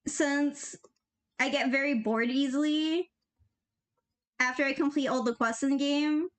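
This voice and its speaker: A woman's voice: high-pitched, steady tone, a little slow. A young woman animating on a live stream, chatting casually in a bubbly, giggly, slangy way and reading chat aloud. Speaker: animator streaming while drawing.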